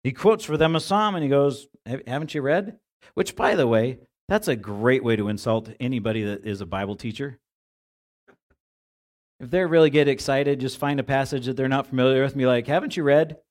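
A pastor with a medium-pitched voice preaches a sermon at a brisk pace in a church sanctuary. He keeps a conversational tone and often repeats words while feeling his way toward the phrasing.

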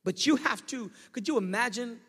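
A male pastor preaching a sermon, telling a story and swinging from shouting to hushed tones. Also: very high voice, animated, moderate pace, husky. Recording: echoey hall.

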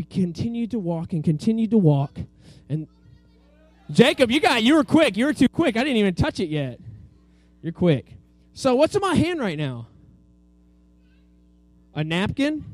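In a room full of children, a man with a high-pitched voice leads a Bible lesson, telling the story energetically and having the kids repeat words after him. The recording sounds dry.

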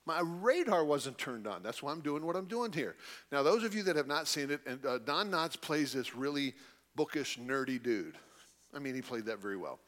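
A man's voice: a little high, moderate pace. A middle-aged man telling a story to a live audience and acting out the voices of the people he quotes. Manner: animated, acts out quoted voices. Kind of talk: storytelling talk.

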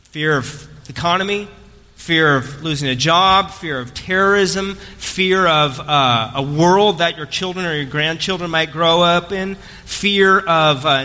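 A man's voice: high voice, sharp tone. A man preaching an Easter sermon in a church, telling a story and joking with the congregation in a conversational way. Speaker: pastor. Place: church sanctuary. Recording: long hall reverb.

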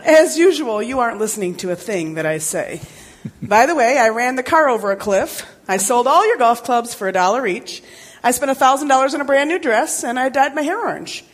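A woman's voice: on the high side, animated, fairly quick. A woman playing an exasperated sarcastic mom. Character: exasperated sarcastic mother and wife. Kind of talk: church skit acting.

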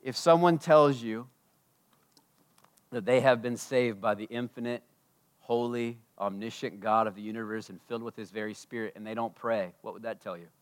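A man preaching a sermon at a church service, impassioned, swinging between loud declarations and hushed asides. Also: on the low side, steady tone, moderate pace, clear, resonant tone. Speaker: pastor.

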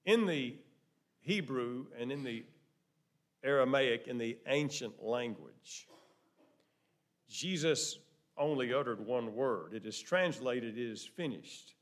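A man preaching a sermon, dropping to hushed tones and rising to loud, emphatic exclamations with lots of repetition. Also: medium pitch, lively intonation, slow pace, pauses often.

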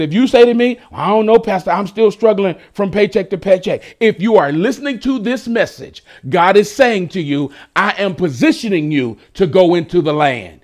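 A man's voice: high-pitched, lively intonation, normal speed, few pauses. A male pastor preaching a sermon to a streamed congregation, using call-and-response phrases and drawing out emphatic words.

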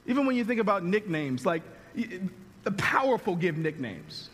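A male pastor preaching a sermon in a conversational, animated way, often restarting his sentences, recorded with long reverb in a large hall. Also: sits high, moderate pace.

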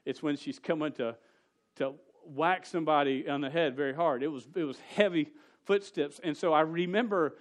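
A man preaching a casual sermon to a youth group. He tells a story with jokes and quick asides. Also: a little high. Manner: storytelling, joking, rapid asides.

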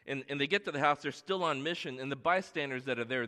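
A middle-aged man preaching a sermon as a pastor, telling stories in an earnest way that swings between hushed and emphatic. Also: medium pitch, fast talker. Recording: long reverb of a large hall.

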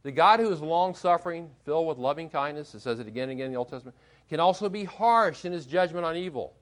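A man's voice: a little high, lively intonation, quick pace. A man preaching a sermon, emphatic and often asking his listeners rhetorical questions. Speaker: pastor.

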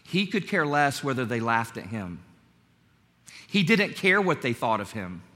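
Pastor guy preaching, bright voice a bit high, big echoey church hall, chatty storytelling. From North Carolina. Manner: conversational, storytelling, animated asides. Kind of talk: sermon. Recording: long hall reverb.

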